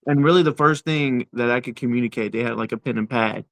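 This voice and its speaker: A man in his forties, an interview guest telling his personal story in a halting way, repeating words as he goes. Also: mid-range voice, no room sound.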